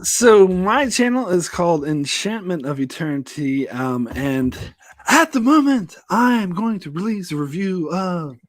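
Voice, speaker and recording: A man's voice: high voice, animated, unhurried, hardly any pauses, dry recording. A man who runs a review channel, chatting casually and animatedly, often laughing between thoughts. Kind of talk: casual chat.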